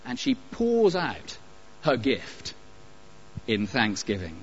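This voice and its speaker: A man preaching a sermon, emphatic and animated, with pauses and light asides. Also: medium pitch, slight background noise. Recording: dull lo-fi recording.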